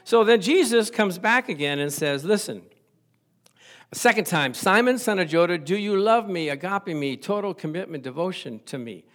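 A man in his sixties, a pastor preaching a sermon, animated and chuckling, acting out little dialogues as he goes. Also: high voice, moderate pace.

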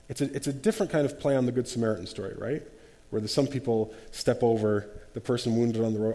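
A man leading a group Bible study, animated, acting out quotes and often restarting his sentences. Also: medium pitch, quick pace, long reverb tail.

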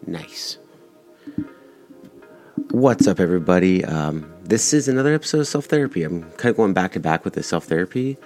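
A man's voice: low-pitched, animated, moderate pace, pauses often, a little mellow, faint music behind. A man hosting his own podcast, talking casually and rambling with frequent ums and self-corrections. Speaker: podcast host. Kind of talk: casual solo podcast monologue.

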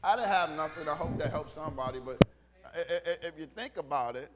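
A man's voice: on the high side, fairly quick, a loud crowd. A male pastor preaching a conversational, folksy sermon to a church congregation, trading quips and amens with them. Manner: folksy, talks back and forth with the congregation; jokes and raises his voice when telling funny stories. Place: church service.

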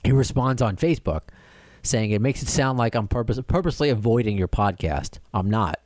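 Animated man telling a rambling story. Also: fairly low pitch, brisk, no room sound. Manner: animated, rambling with many restarts and quoted dialogue. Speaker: podcast host. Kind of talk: casual storytelling chat.

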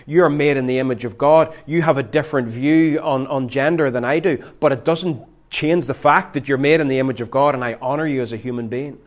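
A middle-aged man preaching a sermon as pastor, animated and emphatic, sometimes laughing. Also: medium pitch, fairly quick, few pauses.

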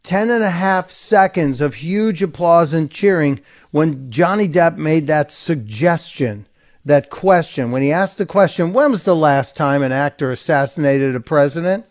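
A man's voice: on the high side, lively intonation, a little slow. A man hosting a talk radio show, giving an opinionated, sarcastic monologue and mocking the people he quotes.

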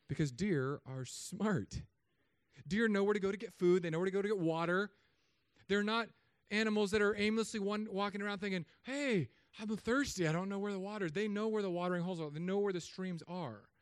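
Animated joking pastor, high clear voice. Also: male voice, fairly quick, no echo, studio quality. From Southern California. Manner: jokey, animated storytelling with put-on voices. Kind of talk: humorous sermon.

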